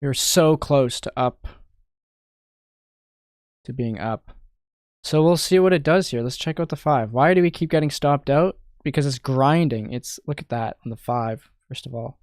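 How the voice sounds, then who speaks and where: A man's voice: mid-range voice, measured pace, darkish tone, no room sound, studio quality. A young man from Canada streaming his day trading, thinking aloud and muttering in frustration, swearing now and then. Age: young adult. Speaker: day trader streaming live. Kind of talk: casual live-stream commentary.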